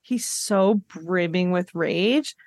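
A woman's voice: on the low side, slow, darkish tone, dry recording. A woman co-hosting a podcast, making wry jokes in casual recap chat. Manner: wry, joking, laughs along. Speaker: podcast co-host.

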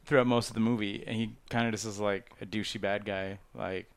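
A man talking casually about movies, animated, laughing often and acting out lines from the films. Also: on the low side, fairly quick, vocal fry, clear, resonant tone, dry recording. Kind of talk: casual chat.

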